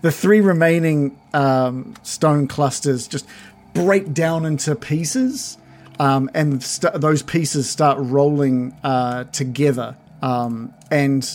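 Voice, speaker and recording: A man narrating as game master of a tabletop game, describing scenes with many fillers and pauses. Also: on the high side, a little mellow.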